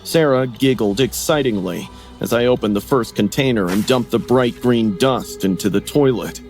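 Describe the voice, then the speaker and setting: A man's voice: medium pitch, moderate pace, darkish tone. A man narrating a scripted horror story, acting out the dialogue in raised voices. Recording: music playing under the voice.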